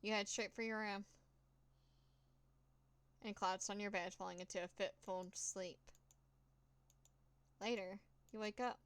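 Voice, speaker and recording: A woman reading a horror text game aloud, voicing the cat's meows and the mouse's squeaks herself, with nervous asides between choices. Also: fairly even intonation, clean tone. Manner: reads with dramatic pauses and nervous asides. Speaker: gameplay narrator.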